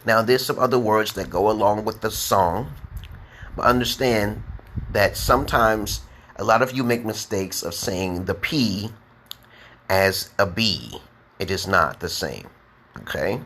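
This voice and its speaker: A man's voice: on the low side, unhurried, a bit bright, a little hiss or hum. Rambling American man teaching live. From United States. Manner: rambling, repeats "okay" often; chants the alphabet in a rising sing-song. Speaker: English teacher. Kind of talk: casual livestream teaching.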